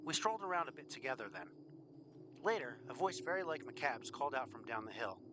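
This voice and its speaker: A man narrating a first-person audiobook in a measured, dryly wry manner. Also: medium pitch, very animated. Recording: audiobook with clear background hiss.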